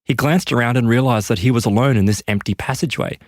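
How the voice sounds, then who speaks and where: A man's voice: quick pace, darkish tone, no room sound. Dramatic male storyteller, dry sound. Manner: dramatic, emphatic pitch lifts. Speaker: podcast host. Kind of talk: storytelling narration.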